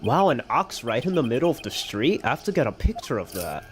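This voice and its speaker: A man voicing a calm adult male lawyer on a trip abroad, reading his lines in a dry, measured way. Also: medium pitch, a little hiss or hum, close to an everyday voice. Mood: wondering.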